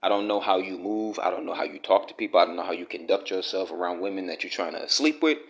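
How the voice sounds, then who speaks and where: A man's voice: sits low, fast talker, muffled recording. A man with delivering a blunt, profane, scolding rant to the camera, talking straight at the person he criticizes. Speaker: commentary vlogger.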